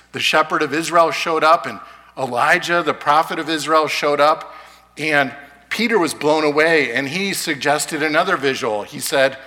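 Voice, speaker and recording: A man delivers a sermon from the front of a church, earnest and deliberate, stretching out key phrases. His voice is bright and forceful, and it rings with the long reverb of the sanctuary. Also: fairly high pitch. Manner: earnest, slows down for emphasis. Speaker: pastor.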